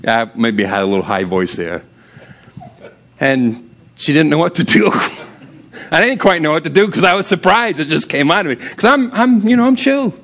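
A man preaching a sermon as pastor, casual and humorous, telling stories and often jumping up high for emphasis. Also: big pitch swings, normal speed, a bit bright.

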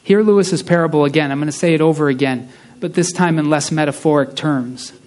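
A man preaching a sermon, reading a story aloud with slow, hushed emphasis on key lines. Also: a little high.

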